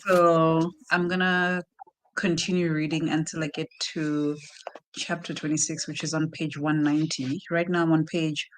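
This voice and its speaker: A South African woman chatting casually on a live reading stream, retelling a book plot with animated asides. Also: sits low, normal speed. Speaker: reading sprint host. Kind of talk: casual chat.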